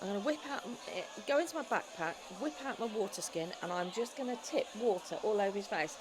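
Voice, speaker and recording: Woman, tabletop player, brisk, forthright, animated. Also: mid-range voice, noisy background. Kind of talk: playing a tabletop game.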